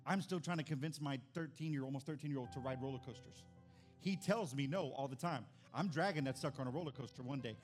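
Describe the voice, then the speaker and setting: A pastor, preaching and telling stories in an animated, excited way. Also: male voice, mid-range voice, fast talker, soft background music. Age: 40s. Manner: animated storytelling, builds to excited shouts. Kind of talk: sermon.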